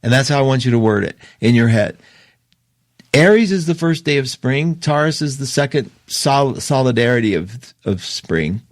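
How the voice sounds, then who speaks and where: A man hosting an astrology show, talking casually and emotionally, opinionated and quick to laugh. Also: medium pitch, lively intonation, no echo, clean studio sound. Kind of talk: casual livestream talk.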